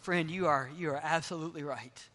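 High-voiced pastor preaching in echoing hall. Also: male voice, a little fast. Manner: emphatic preaching, dropping to hushed tones for stress. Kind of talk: sermon. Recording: long hall reverb.

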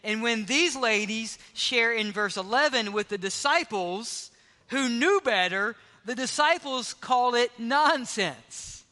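Taking it slowly yet animated, a male pastor with a high, bright voice delivers an emphatic sermon and frequently sinks into hushed tones for emphasis. The large hall carries his voice with a long reverb.

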